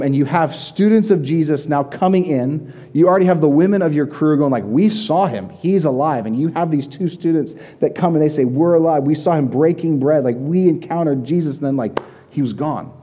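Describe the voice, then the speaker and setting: A man's voice: a little high, warm tone. A young man giving a sermon as a pastor, retelling the scripture in a conversational, vivid storytelling way with frequent fillers.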